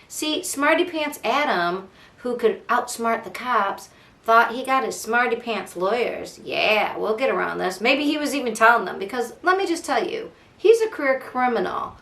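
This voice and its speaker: A woman's voice: on the high side, a bit bright. A woman hosting a casual true crime podcast, sarcastic and fired up, mocking and swearing as she talks. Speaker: podcast host. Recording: echoey room.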